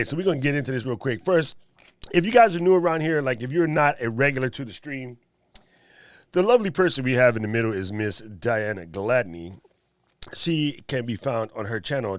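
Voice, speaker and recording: A man's voice: medium pitch, dry recording, clean studio sound. A man hosting a live video stream, joking and bantering with his chat. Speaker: livestream host. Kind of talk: casual livestream chat.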